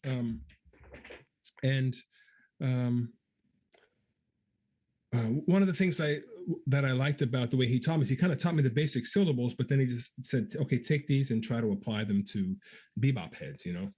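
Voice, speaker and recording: A man at a middle, everyday pitch talks through a musical question in a relaxed livestream chat. He thinks aloud with frequent ums and restarts, and breaks into quick scatted articulation syllables to demonstrate. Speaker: guest trombonist answering viewer questions. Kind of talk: casual livestream Q&A.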